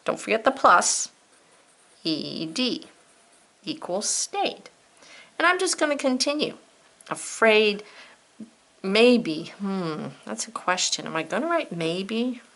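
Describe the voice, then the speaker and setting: A woman's voice: medium pitch, sing-song, takes it slowly, vocal fry, long pauses, a bit bright. A woman teaching a spelling lesson to children, spelling words out letter by letter and thinking aloud in an encouraging way. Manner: thinks aloud, talks to herself.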